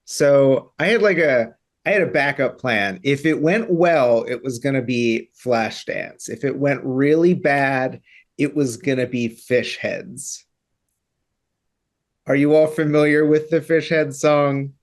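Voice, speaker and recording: A man playing in a tabletop game stream, rambling through his thoughts and tripping over his words now and then. His voice sits at a middle pitch, relaxed and conversational. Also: takes it slowly. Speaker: player. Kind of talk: casual chat at the end of a streamed tabletop game.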